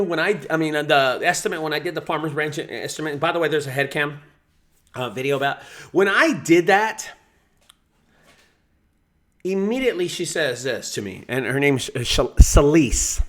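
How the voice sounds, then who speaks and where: Guy teaching sales to camera, kinda high voice, bounces around a lot, swears and tells stories. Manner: profane, storytelling, animated. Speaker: junk removal business owner teaching sales. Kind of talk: casual teaching talk to camera.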